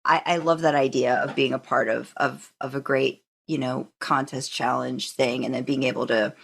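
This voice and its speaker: A woman's voice: extremely low pitch, fairly even intonation, normal speed, vocal fry, slightly rough. A woman hosting a podcast in casual chat, enthusiastic and rambling with many restarts. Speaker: podcast host.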